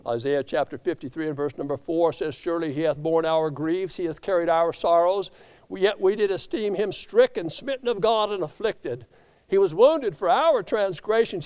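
A man preaching a sermon, quoting scripture and correcting his own slips. He drops to hushed low tones and rises to raised, impassioned climaxes. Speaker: pastor.

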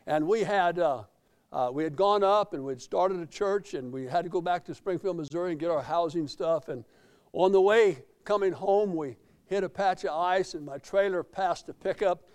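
A middle-aged American man preaching a sermon, telling folksy stories and swelling loud in praise. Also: high voice, normal speed, smooth. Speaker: pastor.

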